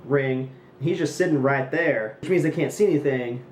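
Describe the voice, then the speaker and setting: A man's voice: mid-range voice, moderate pace, background noise. Snarky rambling young man, echoey room. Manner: snarky, rambling, jokey asides. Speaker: wrestling recap host. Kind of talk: casual solo recap commentary.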